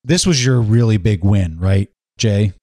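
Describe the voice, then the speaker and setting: A man's voice: on the low side, unhurried, darkish tone, dry recording, studio quality. A man hosting a podcast interview, asking questions and adding short remarks. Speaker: podcast host.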